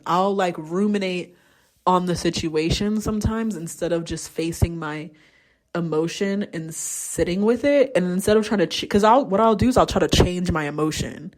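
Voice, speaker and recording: A woman's voice: on the low side, moderate pace, a little mellow. A young adult woman hosting a podcast, talking candidly in a casual solo monologue and swearing freely. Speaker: podcast host.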